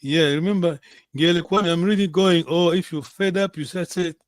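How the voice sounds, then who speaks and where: A man's voice: high voice, moderate pace, no echo. A man teaching a language class over a video call, patiently correcting students and often checking in with "yes?". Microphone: computer on a video call.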